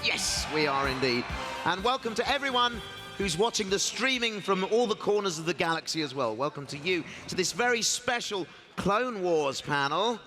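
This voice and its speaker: A man's voice: sits high, very animated, moderate pace, music in the background. A man hosting a live convention panel, jovial and bantering with the audience. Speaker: panel host. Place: convention hall stage.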